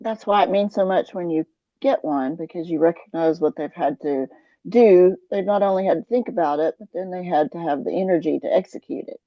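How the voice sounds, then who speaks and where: Slow-talking Southern US woman, dull dry sound. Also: fairly low pitch, dry recording. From American South. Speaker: podcast co-host. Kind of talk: casual chat.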